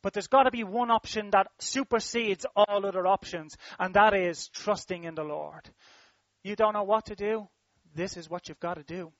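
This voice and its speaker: A man's voice: sits high, normal speed, a bit bright, no room sound, dull audio. A man preaching a sermon, emphatic and repetitive, with rhythmic phrasing that swells and drops.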